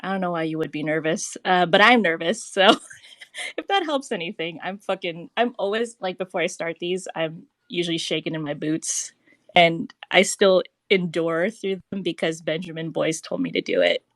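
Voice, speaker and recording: A woman's voice: lowish voice, expressive, normal speed, dry recording. A young woman hosting a casual live audio chat show. She giggles a lot and swears freely. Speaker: podcast host.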